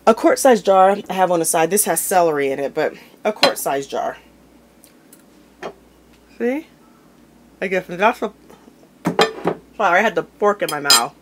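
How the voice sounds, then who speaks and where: Speaking fairly quickly with hardly a pause, a woman with a lowish, expressive voice hosts a home cooking video. She chats casually while opening jars and plating food in her kitchen, against heavy background noise.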